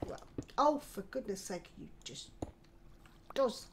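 An older British woman giving casual commentary while she plays a game. She talks to herself, gently scolds herself, and sometimes drops to a whispered mutter. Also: on the high side, measured pace, a little hiss or hum. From United Kingdom. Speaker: gaming channel host.

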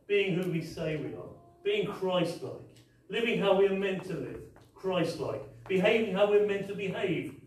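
A man's voice: high-pitched, a little mellow, slight background noise. A man preaching a sermon, emphatic, with repeated rhetorical questions, in a large church hall. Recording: very echoey hall, mic far off.

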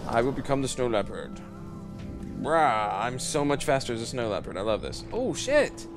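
A man giving casual let's play commentary, excitable and joking, swearing and laughing at the game. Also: medium pitch, moderate pace. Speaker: gamer. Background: game music.

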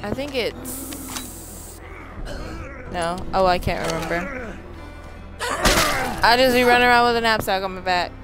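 Young woman gamer ranting, slow drawn-out complaining, a bit high, game music going behind. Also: expressive. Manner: exasperated, ranting at the game with laughs and sighs. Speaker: gaming streamer. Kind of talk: casual let's play commentary.

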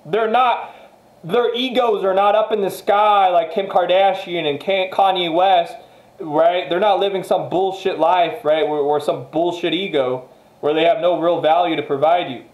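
A man's voice: high voice, fairly even intonation, moderate pace. A man giving a casual motivational monologue straight to viewers, emphatic and repetitive, swearing freely. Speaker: motivational vlogger. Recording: echoey room.

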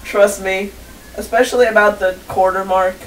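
A guest commentator jokes his way through an online sim race, prone to sudden loud cheers and teasing threats. The voice sits well back from the microphone. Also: medium pitch, steady tone, normal speed, echoey room, slight background noise. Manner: playful, loud outbursts and jokes. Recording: distant mic.

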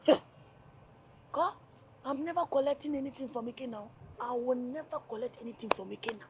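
An actress with a Nigerian accent playing a sibling who cajoles and pleads for a loan, in a Nollywood film. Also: female voice, sits high, fairly quick, very noisy. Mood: wheedling. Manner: pleading, wheedling, laughing. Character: cajoling sibling begging for money.

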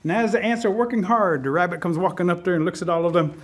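A man telling a traditional folk tale in an animated, expressive way. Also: high-pitched, fast talker. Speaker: storyteller. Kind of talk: oral folk storytelling.

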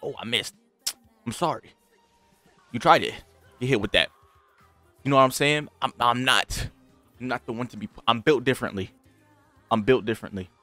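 This young gaming host speaks in a bright, forceful, medium-pitched voice at a moderate pace, leaving long pauses. Over a desk mic carrying game audio and soft background music, with no room sound, he trash-talks his opponent and swings from grumbling to hype.

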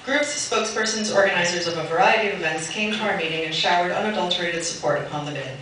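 A woman's voice: lowish voice, fast talker, a little hiss or hum. A woman presenting a convention bid, reading a prepared letter aloud to a panel and breaking off now and then to laugh and ad-lib. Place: convention meeting room. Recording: echoey hall from far off with loud ambience.

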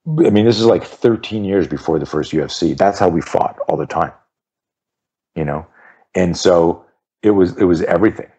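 A self-defense instructor in his fifties, guesting on a podcast, tells a story in a very deep, husky voice at a moderate pace, captured on dull audio. Animated and emphatic, he drives points home by repeating phrases and briefly voices the people in his anecdotes.

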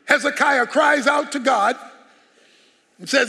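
A man's voice: very high-pitched, unhurried, long pauses, sharp tone. A man preaching a sermon as pastor, emphatic and full of rhetorical questions. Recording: long hall reverb.

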